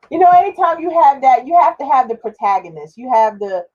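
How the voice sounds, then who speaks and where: A woman on a podcast panel, chiming in with relaxed commentary in casual chat over a video call. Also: sits high, brisk, lo-fi sound.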